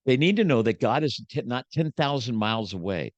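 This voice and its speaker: A man's voice: mid-range voice, expressive, a little fast, dry recording, muffled recording. A man in his seventies, a guest preacher, speaking with emphatic, sermon-like passion in a podcast conversation. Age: 70s. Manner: emphatic, preachy, swings loud to soft.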